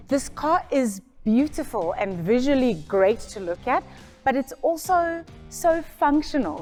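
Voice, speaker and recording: A woman's voice: fairly high pitch, a little mellow. Woman radio presenter, bubbly and jokey, light music bed. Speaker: co-presenter, radio traffic reporter. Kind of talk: casual promotional chat.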